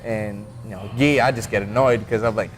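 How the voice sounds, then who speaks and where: A man's voice: lowish voice, steady tone, a little fast. A man who is a mixed martial arts fighter, talking as a podcast guest in a laid-back, rambling way. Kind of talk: casual podcast chat.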